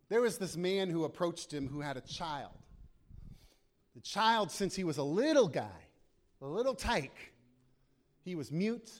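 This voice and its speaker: Male pastor, impassioned sermon delivery, high voice, big swings in pitch. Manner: impassioned preaching, voices prayers aloud.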